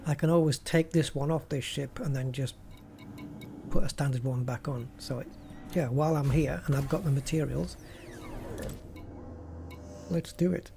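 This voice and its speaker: A man's voice: fairly high pitch, moderate pace, gravelly, long pauses, noisy background. A man hosting a gaming channel, chatting casually and thinking aloud as he plays. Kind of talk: casual gameplay commentary.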